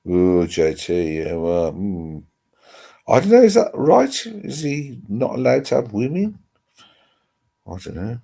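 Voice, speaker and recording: Slow and gravelly, this man's lowish voice is warm yet slightly rough, with huge swings in pitch. He hosts a casual livestream from home, seated with a laptop on his lap and talking into its microphone, chatty, rambling and mildly profane.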